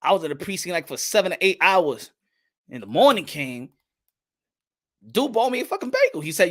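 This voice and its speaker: Brash male host, high bright voice, loud and profane, jokey. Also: very animated, brisk, pauses often. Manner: loud, profane, laughing, playful. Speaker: boxing channel host. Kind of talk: casual livestream commentary.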